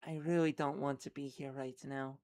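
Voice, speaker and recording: A woman's voice: a bass voice, level tone, normal speed, warm tone. A woman voicing an uneasy, queasy young woman patient who speaks hesitantly and plainly. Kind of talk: reading a webcomic aloud with voices.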